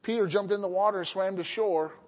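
A man preaching a sermon as pastor, lively and acting out Bible scenes in voices. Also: high-pitched, fairly quick. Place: church sanctuary. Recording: dull audio with long church reverb.

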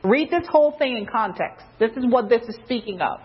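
A woman with a husky, fairly high voice preaching a casual sermon to her listeners. She talks loosely, full of fillers and restarts, and jumps up in pitch when she acts out a quote. The recording sounds dull and lo-fi. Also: lively intonation, brisk. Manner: loose and conversational, many fillers, rises high when quoting. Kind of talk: informal sermon.

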